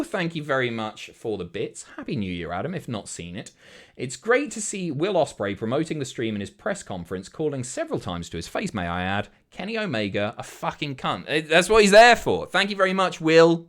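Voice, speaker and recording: A man's voice: fairly high pitch, fairly bright tone. A man in his thirties, a streamer chatting casually, sweary and self-mocking as he reads out viewer messages, a bit out of breath.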